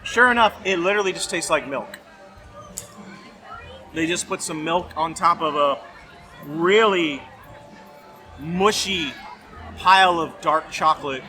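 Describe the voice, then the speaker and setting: A man's voice: a little high, unhurried, pauses often, sharp tone. A man vlogging casually outdoors as he tastes food, rambling and hesitant with many fillers. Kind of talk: casual food-tasting chat. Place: outdoor festival.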